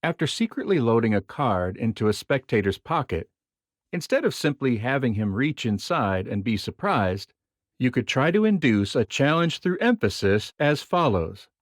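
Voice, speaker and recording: This is the reader of a magic theory book, a man with a middle-range voice whose intonation roams freely. His nonfiction reading is measured and expressive, captured in a dry, close recording with no echo or room sound.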